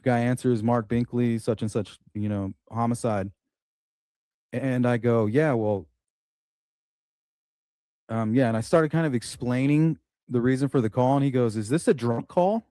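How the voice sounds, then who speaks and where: A man's voice: medium pitch, unhurried, long pauses, clean tone, no room sound, clean studio sound. A man telling a story in casual chat, animatedly acting out the dialogue. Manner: animated retelling, acts out dialogue.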